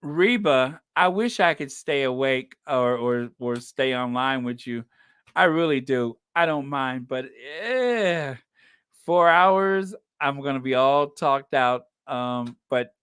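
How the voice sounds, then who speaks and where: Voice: mid-range voice, slow, a bit bright, smooth, no echo. A live-stream host in casual chat, effusive and grateful, laughing often while thanking viewers. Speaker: livestream host reading viewer messages.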